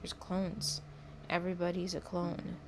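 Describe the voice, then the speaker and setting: A woman's voice: on the low side, monotone, unhurried, background noise. A woman casually narrating her own gameplay at home, rambling and chatty, often correcting herself.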